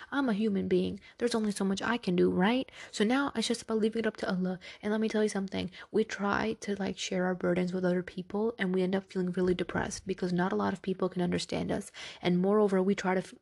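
A woman's voice: mid-range voice, vocal fry, a little mellow. A woman hosting a podcast, talking in a casual, earnest and reassuring way that often checks in with "right?". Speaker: podcast host. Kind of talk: casual religious podcast talk.

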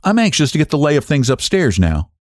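A man's voice: on the high side, huge pitch swings, fairly quick, no echo, clean studio sound, voice pushed up. A man voicing a smug, patronizing young county attorney in an audiobook. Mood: brisk.

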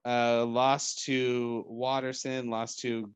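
A man's voice: medium pitch, level tone, slow pace, clear, resonant tone, no room sound. A man co-hosting a casual sports podcast, rambling and joking, often hedging with "I don't know.". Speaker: podcast co-host.

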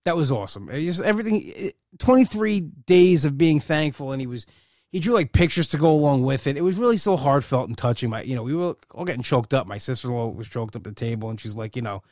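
A man's voice: mid-range voice, expressive, fast, a little mellow, no room sound, clean studio sound. A man in a casual personal monologue, rambling with many fillers and restarts, heartfelt and proud. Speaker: uncle and godfather.

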